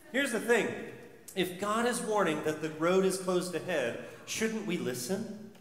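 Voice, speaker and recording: A male pastor preaching a sermon, telling stories and building his points with repeated rhetorical questions. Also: a little high. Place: church sanctuary. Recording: echoey church hall.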